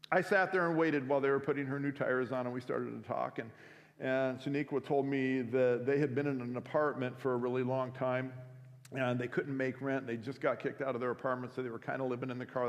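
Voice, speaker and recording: A man preaching a sermon by telling a story, in a relaxed conversational way with frequent restarts. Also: mid-range voice, a little fast. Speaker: pastor. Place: school chapel or auditorium. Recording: long hall reverb.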